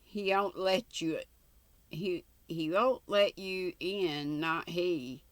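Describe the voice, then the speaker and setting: An older woman voicing a sulky old country man who carries a lantern, speaking in a gruff, grudging voice with a put-on Scottish-sounding accent. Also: lowish voice, no room sound. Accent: attempted Scottish. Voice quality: gruff, growling. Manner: slow, grudging, broad rural dialect.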